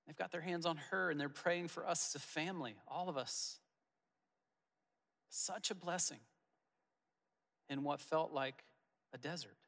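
Bright-voiced male pastor preaching in a hall. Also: a little high, unhurried, vocal fry, long pauses. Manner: personal storytelling, earnest and warm-hearted with soft asides. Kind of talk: sermon. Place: church auditorium.

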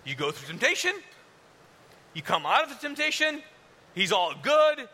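A man preaching a sermon in a casual, conversational way, at times dropping to a soft, hushed tone. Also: very high-pitched, big pitch swings, moderate pace, slightly rough. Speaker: pastor. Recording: long hall reverb, faint hiss.

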